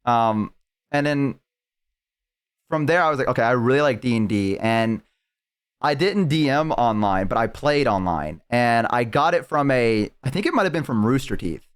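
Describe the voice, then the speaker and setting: A young man with a smooth, resonant voice and a middle pitch chats casually on a live stream. He rambles through a story and keeps saying "like" and "um" as he goes. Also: lively intonation, normal speed. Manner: rambling storytelling with many fillers. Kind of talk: casual chat.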